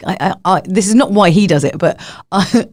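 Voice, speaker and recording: Chatty London woman, podcast guest, slightly low voice, giggly storyteller. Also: normal speed, darkish tone. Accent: London English. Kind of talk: casual podcast chat.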